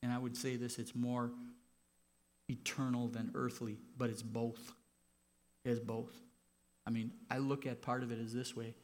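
Guy preaching in church, medium pitch, gets loud and fired up then goes soft and personal. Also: flat delivery, a little slow, long pauses. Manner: swings from quiet and intimate to loud, impassioned preaching. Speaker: pastor. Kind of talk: sermon.

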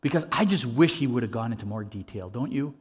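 A man's voice: mid-range voice, lively intonation, fast. A man preaching a sermon in an earnest, conversational way, asking his listeners rhetorical questions. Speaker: pastor.

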